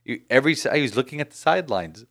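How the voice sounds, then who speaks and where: A man hosting a casual sports podcast, animated and rambling with frequent restarts. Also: mid-range voice, very fast. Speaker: podcast host.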